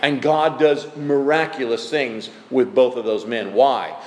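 A man preaching a sermon as pastor, conversational, animated and emphatic. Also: medium pitch, measured pace, a little hiss or hum. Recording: echoey hall.

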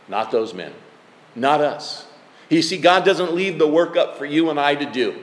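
A man preaching a sermon as pastor, conversational, animated and emphatic. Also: a little high, normal speed. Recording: echoey hall.

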